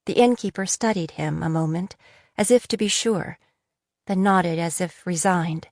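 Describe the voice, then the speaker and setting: A woman narrating a fantasy audiobook in a measured, steady reading. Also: on the low side, gravelly, dry recording, clean studio sound. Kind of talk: scripted narration.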